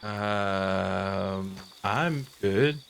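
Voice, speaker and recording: A man's voice: sits low, very slow, creaky, fairly bright tone, slight background noise, exaggerated voice. Give me a man playing a nervous, wary stranger in a game roleplay. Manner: hesitant and wary. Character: nervous man waiting for his brother.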